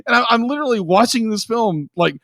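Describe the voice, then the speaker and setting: A man's voice: extremely high pitch, expressive, fast talker, fairly bright tone, no echo. A young man co-hosting a podcast, gushing emotionally about a film in casual chat and repeating himself often. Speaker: podcast co-host.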